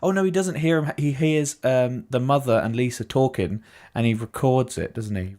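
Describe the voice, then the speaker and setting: A man's voice: medium pitch, normal speed, darkish tone. A young man co-hosting a casual film podcast, laid-back, with easy laughs and casual swearing. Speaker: podcast co-host. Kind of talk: casual chat about films.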